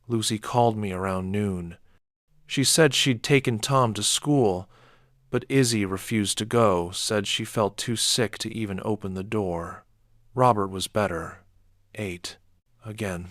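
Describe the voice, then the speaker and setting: Recorded dry at studio quality, a man delivers scripted first-person horror narration. He reads in a low-key, measured way, erupting sharply whenever he quotes someone.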